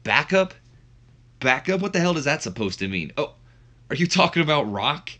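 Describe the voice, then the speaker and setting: A fed-up promoter snaps and lays down a challenge with a raised, bright voice, as a man reads him out. He sounds exasperated and boastful. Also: on the high side, big pitch swings, brisk, voice pushed up.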